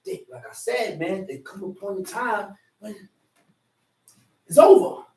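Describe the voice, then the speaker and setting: A man's voice: sits high, lively intonation, normal speed. A male preacher giving an emphatic, repetitive sermon, reading scripture and restating it in slang. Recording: echoey room, far from the mic.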